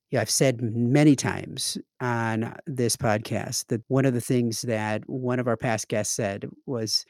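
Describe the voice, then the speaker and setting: A man hosting a podcast, speaking in a reflective, measured way. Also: medium pitch, a little mellow, no room sound, clean studio sound. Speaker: podcast host. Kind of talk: casual podcast talk.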